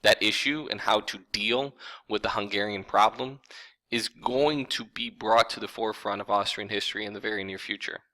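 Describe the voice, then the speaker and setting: Man, history teacher, low-pitched, informal lecture delivery. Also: fairly even intonation, moderate pace, bright, forceful tone, low-quality recording. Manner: conversational, informal, addresses viewers as folks. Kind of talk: casual recorded lecture.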